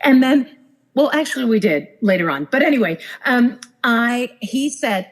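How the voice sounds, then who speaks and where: A woman's voice: on the high side, normal speed, low-quality recording. A woman, a former cruise director, telling stories in a casual podcast chat and acting out the people she quotes. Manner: animated, acts out quoted people. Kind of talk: casual storytelling.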